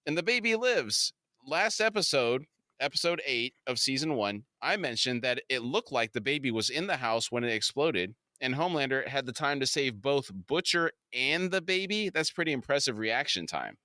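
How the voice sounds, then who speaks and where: A man's voice: mid-range voice, animated, moderate pace, sharp tone, no room sound. A man co-hosting a podcast, recapping a TV episode scene by scene in casual chat and laughing easily. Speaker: podcast co-host.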